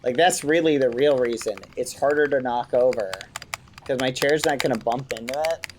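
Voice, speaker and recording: Here a man in his home gaming setup talks to viewers casually during a live stream, replacing curses with gentle exclamations. His mid-range voice moves at a moderate pace over background noise and the clatter of keyboard typing.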